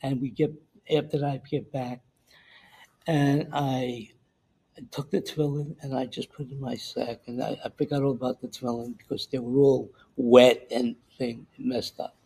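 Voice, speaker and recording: Older man, gravelly and husky, warm low tone; a veteran telling his story in halting, repeating phrases. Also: little pitch movement, poor audio. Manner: halting, repeats words and acts out the dialogue he recalls. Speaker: veteran recounting wartime memory. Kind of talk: oral history storytelling.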